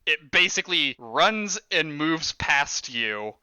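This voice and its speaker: A man's voice: fairly high pitch, sing-song, takes it slowly, sharp tone, clean tone, no echo. A man running a tabletop horror game as game master, explaining rules casually and laughing often.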